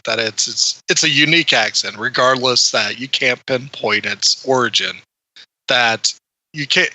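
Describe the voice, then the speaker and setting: A man co-hosting a casual film review podcast, speaking in a measured, thoughtful way. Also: medium pitch, bright, forceful tone, no room sound, rough recording. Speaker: podcast co-host.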